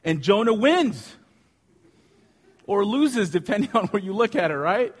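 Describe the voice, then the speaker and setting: A man preaching a sermon with animated storytelling, asking his listeners questions. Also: high voice, measured pace, breathy edge. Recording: long hall reverb.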